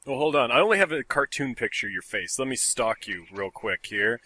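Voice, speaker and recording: A man's voice: medium pitch, animated, fairly quick, bright, forceful tone, no room sound. A young man hosting a casual podcast, joking and teasing his guests and laughing often. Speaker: podcast host.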